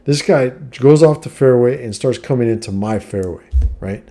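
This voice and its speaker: A man's voice: mid-range voice, moderate pace, warm tone. A middle-aged man talking bluntly to camera about his life, swearing often and asking "you know what I mean" after nearly every point. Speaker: vlogger giving life advice. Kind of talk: casual monologue to camera.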